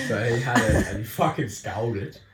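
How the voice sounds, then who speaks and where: A man's voice: medium pitch, moderate pace, a loud crowd. A young Australian man in casual chat, blunt and rambling, swearing a lot as he tells a story. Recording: echoey room with faint noise.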